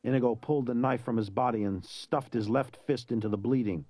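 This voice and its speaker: A man's voice: mid-range voice, no room sound. Man narrating a story, dry sound. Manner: even, measured storytelling. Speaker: reader. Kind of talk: audiobook narration.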